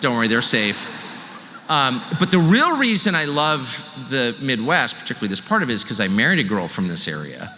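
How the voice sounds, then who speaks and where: Animated man onstage in a big hall. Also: mid-range voice, brisk. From California. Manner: animated, joking, self-deprecating. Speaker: live show host. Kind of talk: stand-up style monologue to a live audience. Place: large venue with live audience. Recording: hall reverb, faint room noise.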